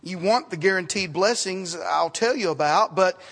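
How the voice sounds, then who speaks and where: High-voiced preacher in a reverberant hall. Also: male voice, moderate pace. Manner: conversational preaching with repeated words and sudden drops to quiet asides. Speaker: pastor. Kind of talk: sermon. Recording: reverberant hall, sometimes off mic.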